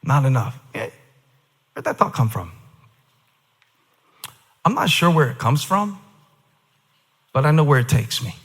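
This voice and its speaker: A male pastor preaching emphatically, shifting from quiet asides to shouted declarations. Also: a little high, sing-song, unhurried, pauses often, slightly rough. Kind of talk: sermon. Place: large church auditorium. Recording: reverberant large hall.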